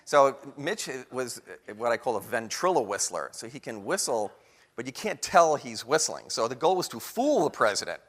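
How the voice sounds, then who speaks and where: A man giving a lively storytelling talk to an audience, acting out the voices of people in his story. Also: mid-range voice, normal speed. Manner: animated storyteller acting out quotes. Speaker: guest speaker. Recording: long hall reverb.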